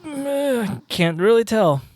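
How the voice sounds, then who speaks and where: A man's voice: very high voice, very animated, slow pace, a little mellow, dry recording. Easygoing middle-aged man, dry sound. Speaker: podcast co-host. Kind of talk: casual chat.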